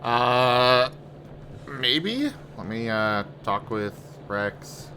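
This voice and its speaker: A man's voice: medium pitch, very slow, slight background noise. A man hosting a gaming stream, chatting casually and playfully with his friends. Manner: relaxed, playful, chanting teasing lines. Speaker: streamer host.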